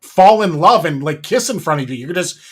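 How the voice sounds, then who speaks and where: A man's voice: on the high side, animated, normal speed, breathy edge. A man co-hosting a casual podcast, talking in a mocking way and reading quotes aloud. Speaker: podcast co-host.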